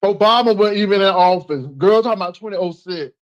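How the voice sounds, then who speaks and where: A man with a notably high voice talks in a sassy, teasing way on a casual live call-in show. He hammers his points home by repeating them. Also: fast talker, low-quality recording. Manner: sassy, teasing, emphatic repetition.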